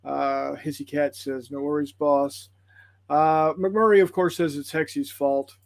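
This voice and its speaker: A man's voice: fairly high pitch, fairly even intonation, measured pace, creaky, no room sound. A man hosting a tabletop gaming livestream, chatting casually and rambling apologetically through viewer comments with plenty of fillers.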